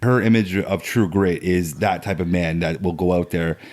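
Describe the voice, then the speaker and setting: Enthusiastic man, lowish voice. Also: fairly even intonation, normal speed, a little mellow. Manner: enthusiastic, talks in long run-on thoughts. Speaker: podcast guest. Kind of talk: casual film discussion.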